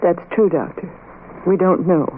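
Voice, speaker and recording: A woman's voice: on the low side, normal speed, close to an everyday voice. An actress playing a frightened, pleading young working woman in a 1930s radio play, heard through a tinny, hissy old broadcast. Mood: anxious. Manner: anxious, pleading.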